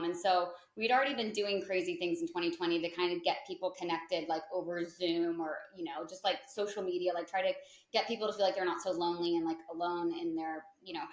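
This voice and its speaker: A woman in her thirties with a lowish voice talks briskly as a podcast guest, casually telling a story during an interview. She's chatty, sprinkling in "like" and lively acted-out quotes, and the room sounds echoey.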